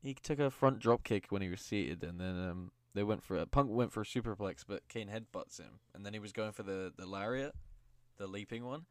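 A man's voice: lowish voice, fairly quick, no echo, studio quality. A young man co-hosting a podcast in casual chat, exasperated and teasing, swearing freely. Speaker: podcast co-host. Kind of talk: casual chat reviewing wrestling.

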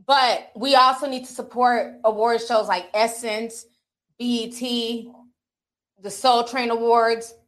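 Speaking in a slightly bright, higher-than-average voice, a woman who comments on entertainment addresses her viewers head-on. It's informal, candid talk to camera, with her reading social media comments out loud.

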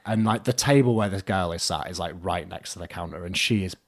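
Young man, lowish voice, chatty podcast guest who narrates by acting out the dialogue. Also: fairly quick. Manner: animated storyteller, acts out both sides with "I'm just like". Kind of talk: casual storytelling.

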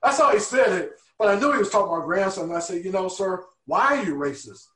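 A man with a somewhat high voice recounts his life in an interview, earnest and lively as he acts out what others said to him. The room is echoey around him. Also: quick pace. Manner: earnest, animated storyteller acting out quoted voices. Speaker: guest. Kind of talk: personal storytelling in an interview.

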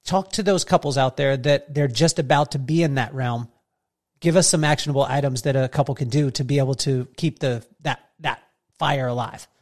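A man's voice: medium pitch, a little fast, a little mellow. A man hosting a podcast interview, chatting casually, telling funny stories and laughing often. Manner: jokey, storytelling, laughs often. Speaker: podcast host.

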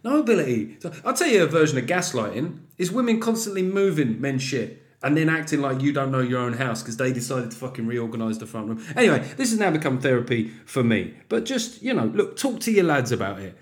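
A man hosts his podcast in a loose, rambling monologue. He swears freely and jokes as he goes. His voice sits at an ordinary middle pitch. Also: sing-song, fairly quick, hardly any pauses. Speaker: podcast host, comedian. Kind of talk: casual monologue.

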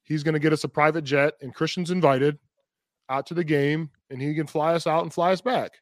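A man's voice: fairly high pitch, steady tone, brisk, no room sound, clean studio sound. A man co-hosting a podcast in casual sports chat, rambling with many repeated starts. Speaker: podcast co-host.

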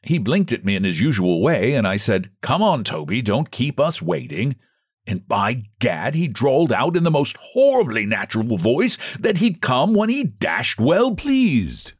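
A man reading a storybook, voicing a shaken upper-class gentleman who speaks excitedly and breathlessly. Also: mid-range voice, a little slow, breathy edge, no echo, studio quality, pitched above the performer's own voice.

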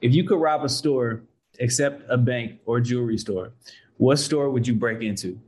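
A married man co-hosting a podcast, reading out listener questions calmly. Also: mid-range voice, moderate pace. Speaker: podcast co-host. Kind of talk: casual chat.

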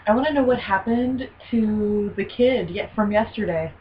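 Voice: medium pitch, moderate pace. A podcast co-host in casual movie banter, playful and laughing easily. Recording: distant lo-fi mic with faint hiss.

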